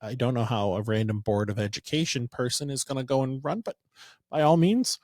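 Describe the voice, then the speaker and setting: A man's voice: medium pitch, brisk, a little mellow, no room sound, studio quality. A man co-hosting a casual political podcast, rambling with sarcastic asides. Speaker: podcast co-host.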